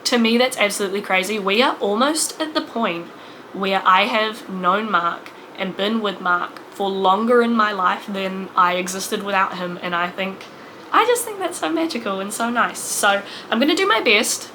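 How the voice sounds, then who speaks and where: A young woman in her late twenties speaks to camera in a personal vlog, her voice sitting at a middle pitch. She talks in an emotional, rambling way, stopping and restarting with fillers as she goes. A steady hiss of noise sits under the recording. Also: normal speed, poor audio. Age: 20s. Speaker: vlogger.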